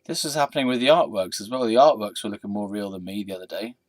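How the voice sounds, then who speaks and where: Rambling tired man, lively pitch. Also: fast talker, no echo. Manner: self-deprecating, talks to a statue. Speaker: vlogger. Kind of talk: rambling casual monologue.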